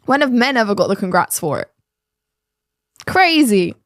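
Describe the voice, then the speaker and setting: A woman's voice: on the high side, sing-song, moderate pace, no echo, clean studio sound. A woman hosting a reaction channel, giving blunt, sarcastic casual commentary. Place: home studio set.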